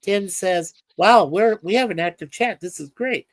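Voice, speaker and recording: A woman co-hosts a livestream, chatting casually and reading viewer comments aloud, her speech full of filler words. Her voice is medium-pitched at a moderate pace, with crowd noise in the background.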